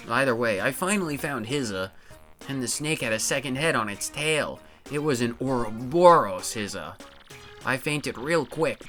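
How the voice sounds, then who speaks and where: A man's voice: mid-range voice, sharp tone. A man doing a bragging plumber hero. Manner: tries for an Italian-style accent, bragging storytelling. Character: boastful adult male plumber hero, tall-tale teller. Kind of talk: reading game dialogue on a live stream.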